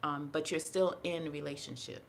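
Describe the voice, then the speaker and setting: Podcast guest, woman, low voice with a gravelly edge, earnest storyteller. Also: steady tone, brisk, slight background noise. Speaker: podcast guest, holistic health practitioner. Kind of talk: casual podcast conversation.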